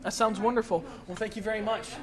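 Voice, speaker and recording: A man's voice: high voice, fairly even intonation, fast talker, a crowd in the background. A young man casting an esports match and interviewing players in playful, teasing banter, his voice worn out from casting. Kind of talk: upbeat live esports interviews.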